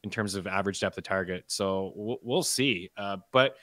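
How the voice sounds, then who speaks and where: A man in casual podcast chat, giving measured analysis and thinking aloud. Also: low-pitched, a bit bright, no echo. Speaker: fantasy football analyst.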